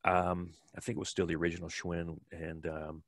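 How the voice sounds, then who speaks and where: Middle-aged Wisconsin man, podcast guest, low voice, dry close sound, rambling storyteller. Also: monotone, normal speed, dry recording. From Wisconsin, USA. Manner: rambling, many fillers and restarts. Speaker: podcast guest, bike fitter. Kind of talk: casual storytelling.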